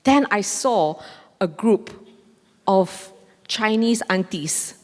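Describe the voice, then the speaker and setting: A woman, a mindfulness trainer telling a lively story on stage in a conference talk. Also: mid-range voice, slow pace. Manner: animated, acts out dialogue with laughs. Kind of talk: storytelling lecture. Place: large conference hall. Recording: long hall reverb.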